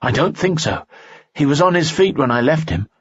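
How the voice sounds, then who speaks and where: A man's voice: fairly high pitch, very animated, moderate pace, fairly bright tone, slightly rough, dry recording, pitched above the performer's own voice, full character voice. A man voicing a young male warrior hero in an audiobook, urgent and commanding. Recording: dull lo-fi audio.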